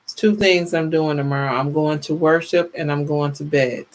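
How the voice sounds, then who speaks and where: A woman's voice: low voice, moderate pace. A woman in her fifties hosting a casual livestream. She sounds worn out and chats with her viewers. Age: 50s. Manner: chatty, animated, laughs often, talks to viewers as y'all. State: tired, worn out. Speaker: livestream host. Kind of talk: casual livestream chat, reading viewer comments.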